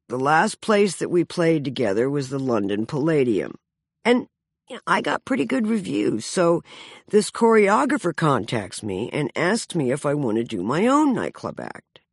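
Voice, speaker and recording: A woman's voice: low voice, husky, no room sound. A woman around sixty narrating her own memoir with dry, self-mocking humor.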